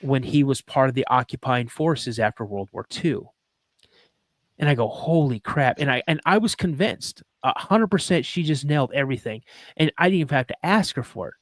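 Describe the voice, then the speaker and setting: A man's voice: mid-range voice, expressive, fairly quick, no echo. Earnest man telling a personal story. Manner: earnest and emotional, reenacts dialogue, many ums. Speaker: podcast host. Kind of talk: personal storytelling on a live podcast.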